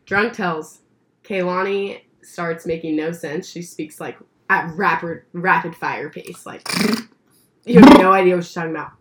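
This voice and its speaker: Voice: mid-range voice, fairly even intonation, measured pace, slight background noise. A young speaker teasing friends while telling drunk stories in casual banter. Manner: teasing storyteller.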